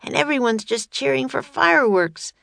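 A woman's voice: high voice, lively intonation, normal speed, vocal fry, fairly bright tone, dry recording, pitched above the performer's own voice, full character voice. A woman voicing an anxious, earnest young boy in a storybook reading, calling out in worry. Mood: frustrated. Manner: urgent, worried exclamations. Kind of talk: audiobook character voice.

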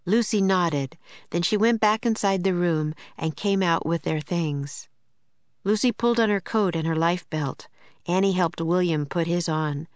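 A woman reading a children's chapter book aloud in an even, clear storytelling voice. Her pitch sits on the low side. The recording is close and dry with no room sound. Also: a little slow, dry recording. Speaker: audiobook narrator. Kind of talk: scripted narration.

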